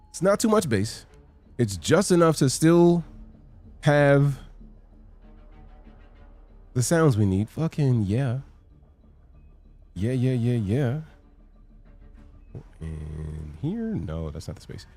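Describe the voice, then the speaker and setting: Male game streamer, mid pitch, very lively intonation, swears freely, faint music underneath. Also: takes it slowly, long pauses. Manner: excitable, swears freely, greets chat by name. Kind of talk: casual live-stream chat.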